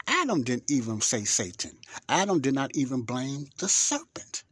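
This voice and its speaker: Husky and mid-pitched, this man's sing-song voice moves at an ordinary speed with no echo. On his Bible study podcast he reads passages of scripture and unpacks them casually, rambling along with plenty of emphasis.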